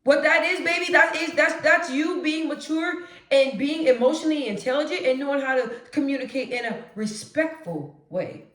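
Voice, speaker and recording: A woman vlogging straight to camera, with a naturally deep voice she lifts a notch as she talks emphatically. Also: moderate pace, echoey room. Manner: emphatic, animated, conversational. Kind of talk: direct-to-camera monologue.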